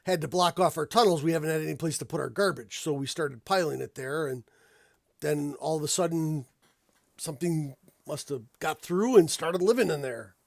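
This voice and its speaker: Halting gnome chief guy, gravelly and dry, dm doing the voice. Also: fairly high pitch, dry recording. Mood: wary. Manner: hesitant, halting speech. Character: gruff male deep gnome clan leader.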